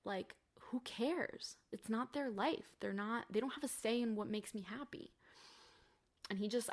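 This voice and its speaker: A woman's voice: medium pitch, creaky. A woman in her twenties, a podcast guest telling a personal story in a chatty way with many fillers. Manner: chatty, many "like" fillers, quotes family in dialogue. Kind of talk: casual storytelling interview.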